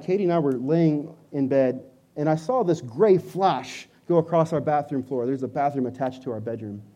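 A pastor in his thirties tells a story in his sermon with animated delivery, getting loud when acting out his own lines. His voice is a little high, and the sound is lo-fi.

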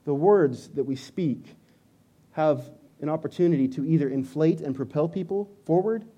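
A man in his thirties preaching a sermon, telling a story with animated delivery and loud bursts when acting out his own lines. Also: on the high side, normal speed. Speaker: pastor.

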